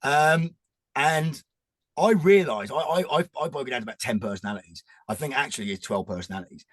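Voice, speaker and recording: A man in his forties, a guest chatting casually, rambling and animated with frequent restarts. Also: mid-range voice, a little fast, no echo. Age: 40s. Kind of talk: casual chat.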